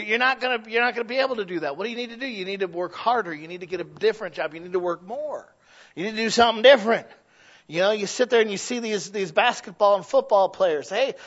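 Man preaching, high voice, bright and forceful, folksy and chatty, slightly dull lo-fi sound. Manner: conversational, addresses the congregation directly, acts out quoted people. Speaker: pastor. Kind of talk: folksy sermon.

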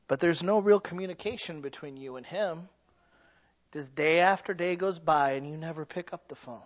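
Preaching man on a dull lo-fi recording. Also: normal speed. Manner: swings from hushed low lines to loud rising peaks; acts out quoted voices in storytelling. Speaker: pastor. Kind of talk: sermon.

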